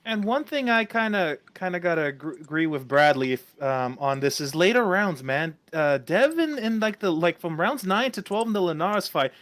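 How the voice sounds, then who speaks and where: Man, panelist, casual chat, joking, lively high voice. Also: normal speed, hardly any pauses, no echo.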